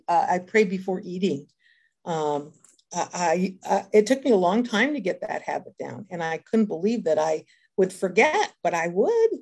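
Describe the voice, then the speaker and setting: An older retired woman shares her daily habits with a recovery group, speaking earnestly and reflectively with many hesitant fillers. Her voice is fairly low with a darkish tone.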